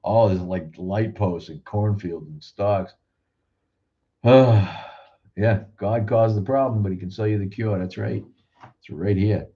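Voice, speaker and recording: A man hosts a loose live chat show with a low, deep voice. He jokes and swears freely, drifting into rambling asides. The sound is muffled and lo-fi. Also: slow. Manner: joking, profane, rambling asides. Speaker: show host. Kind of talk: casual livestream chat.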